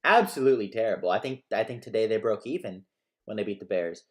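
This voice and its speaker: Animated stammering sports co-host, a man. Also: fairly low pitch, fast. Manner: animated, stammering restarts, laughs often. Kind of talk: casual sports talk.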